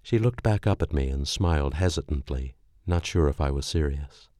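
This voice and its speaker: Brief: male storyteller, calm and measured, very deep dark voice. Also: no room sound, studio quality. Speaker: narrator. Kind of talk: first-person story reading.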